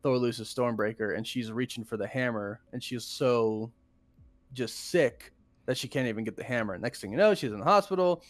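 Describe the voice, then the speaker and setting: A man chatting casually on a podcast about a movie he just saw. He slips into quick impressions of the characters. The sound is dry and close. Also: mid-range voice, dry recording. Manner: animated, acts out characters' lines in quick bursts. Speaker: podcast host. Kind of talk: casual film review chat.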